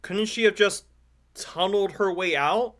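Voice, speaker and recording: A man's voice: sits high, unhurried, fairly bright tone. A man giving sarcastic, incredulous commentary over a game and swearing often.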